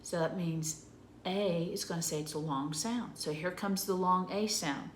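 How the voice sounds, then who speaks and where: A woman teacher sounding out letters slowly and patiently for young children in an early reading lesson. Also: on the low side, expressive, roomy sound.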